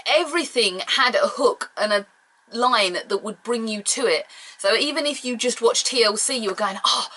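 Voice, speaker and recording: Woman, casual fan review, bright tone, rambling, enthusiastic, apologetic asides. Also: a little high, moderate pace. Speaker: wrestling show reviewer.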